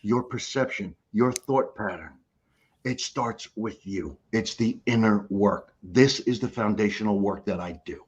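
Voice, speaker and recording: Man, middle-aged, husky voice, emphatic motivational coach, repeats phrases, dull lo-fi audio. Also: fairly low pitch, unhurried. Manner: emphatic, repeats key phrases for effect, blunt and casual. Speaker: guest life coach. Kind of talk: motivational talk on a video call.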